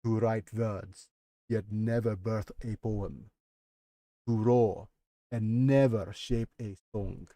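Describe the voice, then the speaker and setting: Casting: man playing elderly whiskered record keeper, Russian accent layered on Nigerian, low and very slow, dark dry tone. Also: steady tone, no room sound. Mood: solemn. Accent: Russian put on over Nigerian. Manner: slow, solemn, heavy pronouncements. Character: old male record keeper with long whiskers, grave.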